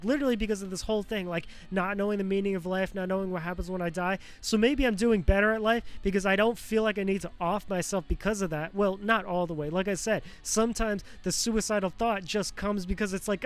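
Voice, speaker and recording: A man's voice: sits high, steady tone, a little fast, hardly any pauses, smooth. A young man hosting a podcast, rambling through an emotional personal monologue with lots of fillers, swearing and nervous laughs, close to tears. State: near tears. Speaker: podcast host. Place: apartment.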